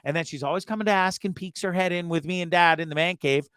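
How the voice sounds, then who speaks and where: A man hosting a casual podcast, talking in profane, excitable rants and repeating himself as he gets worked up. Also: sits high, quick pace, clean tone, dry recording. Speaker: host.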